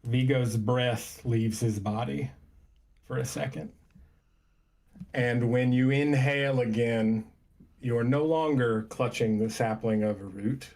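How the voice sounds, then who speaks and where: A man narrating a tabletop game as game master, unhurried and descriptive with many pauses and fillers. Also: medium pitch, darkish tone.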